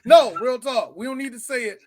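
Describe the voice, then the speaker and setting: High voiced guy co-hosting a movie podcast, loud, jokey, lots of riffing. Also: a little fast, no room sound. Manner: loud, joking, breaks into impressions and shouts. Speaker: podcast co-host. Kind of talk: casual movie-review chat.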